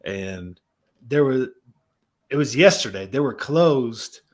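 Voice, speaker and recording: A man's voice: medium pitch, animated, slow. Reflective young man who laughs easily. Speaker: musician and guest. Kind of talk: casual faith conversation.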